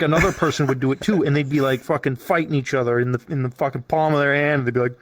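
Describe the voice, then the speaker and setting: Animated, swearing male podcast host. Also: fairly high pitch, brisk, few pauses, dry recording. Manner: animated, profane storytelling. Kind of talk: casual chat. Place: streaming setup.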